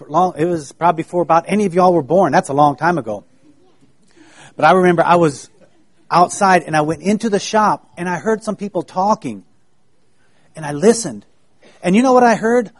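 A man giving a children's sermon, in a gentle, folksy way that keeps asking the children questions. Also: high-pitched.

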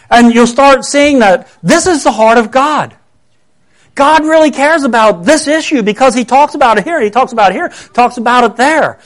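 A man's voice: very high voice, expressive, normal speed. A middle-aged man preaching a conversational sermon, earnest and full of rhetorical questions.

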